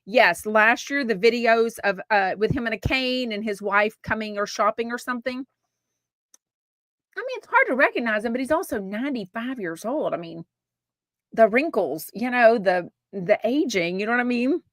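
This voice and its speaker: A Texan woman with a Southern accent hosts a podcast, her voice on the high side at normal speed on a dry recording. Chatty and frank, she gossips casually, swears now and then, answers live comments, and tosses in lively asides.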